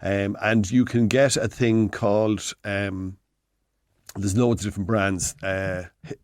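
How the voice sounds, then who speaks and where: A man's voice: fairly low pitch, steady tone, a little slow, darkish tone, no echo. A man of sixty with an Irish accent, giving home repair advice on a radio show in a rambling, self-correcting way, speaking into a studio mic. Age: 60s. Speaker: hardware expert guest.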